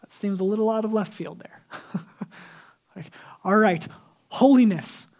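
A man's voice: high voice, fairly even intonation, measured pace. A male pastor preaching a sermon in a casual, conversational way, acting out the people he quotes and dropping to a whisper for emphasis.

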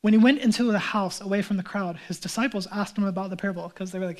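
A male pastor preaching a sermon in a conversational, animated way, with casual asides. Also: high-pitched, fast.

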